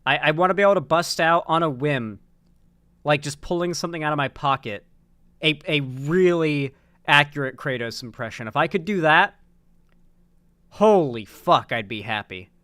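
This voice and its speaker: A man with a fairly high voice talks straight into a dry, close mic, hosting a loose online commentary show. He rambles and restarts his sentences often, swearing casually as he goes. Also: moderate pace, sharp tone, dry recording. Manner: rambling, many restarts and fillers, swears freely. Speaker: political commentary host.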